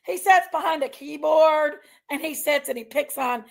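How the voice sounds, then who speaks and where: She's an online commentary streamer whose high voice carries a gravelly, fry-heavy edge, and she talks at a moderate pace. Fired up in a heated, casual stream, she rants at her viewers while reminding herself again and again to calm down.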